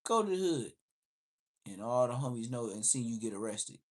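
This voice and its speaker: A man's voice: mid-range voice, sing-song. A man from the Los Angeles area telling a street story, profane and slangy, acting out the voices in it. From Los Angeles area, USA. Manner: profane, slangy, quick to act out quotes. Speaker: livestream host.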